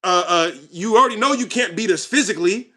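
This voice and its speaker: Heated ranting host, man, high bright voice, confrontational. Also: quick pace. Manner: heated, confrontational, repetitive, swings loud and quiet. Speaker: channel host. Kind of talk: ranting commentary to viewers.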